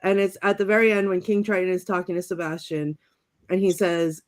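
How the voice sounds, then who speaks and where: A woman's voice: fairly low pitch, level tone, brisk. A woman co-hosting a podcast, chatting casually and giggling as she shares favorite movie quotes. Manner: chatty and giggly, many fillers. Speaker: podcast co-host.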